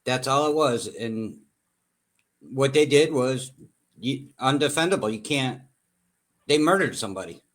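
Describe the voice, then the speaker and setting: A man, the show's producer, chatting calmly and plainly with the host. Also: medium pitch, a little slow, long pauses. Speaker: show producer. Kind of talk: casual talk show chat.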